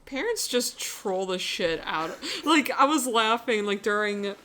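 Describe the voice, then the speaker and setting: A woman's voice: medium pitch, animated, a little slow, a bit bright. Giggly woman in casual chat. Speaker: podcast co-host.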